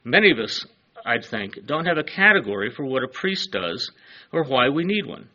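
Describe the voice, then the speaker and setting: A man's voice: mid-range voice, sing-song, normal speed, bright, forceful tone, dull audio. A man preaching a sermon, earnest and emphatic, letting his phrases fall away at the ends.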